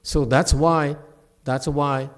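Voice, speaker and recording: A middle-aged man giving a dharma talk with questions and answers, animated, laughing and acting out quoted voices. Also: on the high side, slow. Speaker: meditation teacher.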